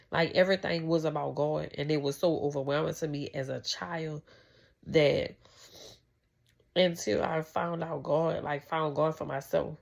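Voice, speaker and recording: A woman's voice: low voice, steady tone, measured pace, vocal fry, darkish tone. A woman vlogger talking casually about faith and family, rambling and heartfelt, with many restarts. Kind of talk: casual faith talk to camera.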